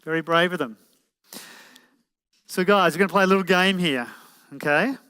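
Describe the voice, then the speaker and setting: A man's voice: sits high, normal speed, pushed and bright, clear, resonant tone. A man presenting a relationship seminar to a live audience, putting direct questions to the room and calling for shows of hands. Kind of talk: motivational seminar talk. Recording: echoey hall.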